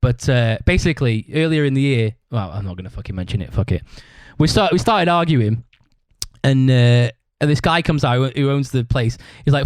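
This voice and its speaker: Casual male podcaster, sweary rambling storyteller, mid pitch, dry sound. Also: lively intonation, normal speed, dry recording. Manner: acts out other people's shouted lines. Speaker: podcast host.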